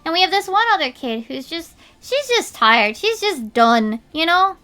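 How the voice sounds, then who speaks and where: A woman's voice: very high-pitched, big pitch swings, moderate pace, bright, forceful tone, faint music behind. A young woman streamer chatting casually while she draws, telling an indignant story with lots of filler words.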